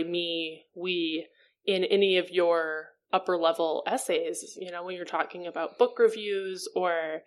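A woman's voice: on the low side, steady tone, a little slow. A woman co-hosting a podcast, chatting casually and playfully, with frequent "kind of" and "um.". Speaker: podcast co-host. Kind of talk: casual chat.

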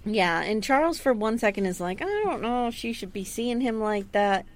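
A woman in her thirties co-hosting a casual chat, animated and sarcastic as she recounts scenes and acts out lines. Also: medium pitch, moderate pace. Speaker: podcast co-host recapping a TV episode.

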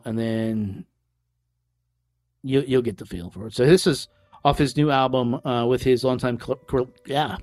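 A man hosting a music show, chatting casually about records in a loose, rambling way, with fillers and self-corrections. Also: mid-range voice. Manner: laughs lightly between remarks. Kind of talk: casual music review chat.

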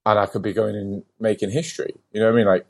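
A man chatting as a guest on an interview podcast, telling a story in a lively, casual way, with lots of "like" and the odd swear word. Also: on the low side, very fast, vocal fry.

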